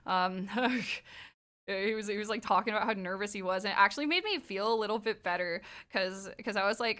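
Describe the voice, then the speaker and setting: A young adult woman streaming live, chatting casually with her viewers, excitable, laughing often and swearing freely. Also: medium pitch, brisk.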